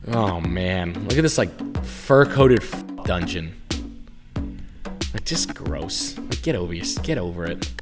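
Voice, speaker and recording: A man in his thirties, a streamer, telling crude, rambling comedic stories in casual chat. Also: fairly low pitch. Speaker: streamer and host.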